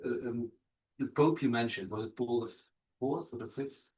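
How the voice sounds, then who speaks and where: A man's voice: mid-range voice, moderate pace, crowd noise. A man moderating an academic Q&A, hesitant and full of fillers and restarts as he builds his question. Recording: distant mic.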